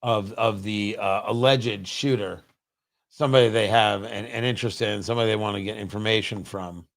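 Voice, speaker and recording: A man's voice: fairly low pitch, fairly even intonation, normal speed, creaky, a bit bright. A middle-aged man hosting a political commentary livestream, firing off sarcastic, heated rhetorical questions. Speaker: talk show host.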